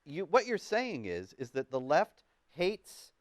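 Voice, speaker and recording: A male talk show host who interviews his guest and reads quotations in a measured way. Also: a little high, wildly swooping pitch, dry recording.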